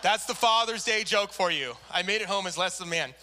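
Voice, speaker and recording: A man's voice: high voice, brisk, sharp tone, a little hiss or hum. A man preaching a sermon, telling a story animatedly and acting out the people in it. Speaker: pastor.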